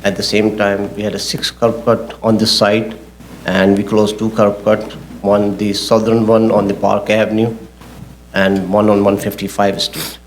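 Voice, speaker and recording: A low-pitched man speaks in a flat, even tone, working through technical points for a zoning board. He talks haltingly and circles back to repeat himself. Faint background noise from a hearing room sits behind him. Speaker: project engineer presenting to a zoning board. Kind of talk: public hearing testimony. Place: public hearing hall.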